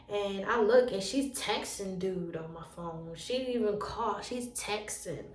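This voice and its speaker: In a laid-back vlog, a woman who is a storyteller and relationship coach gives a lively retelling of a personal story, performing each bit of dialogue. She speaks unhurriedly at a medium pitch, and the recording is roomy, her voice set back from the microphone.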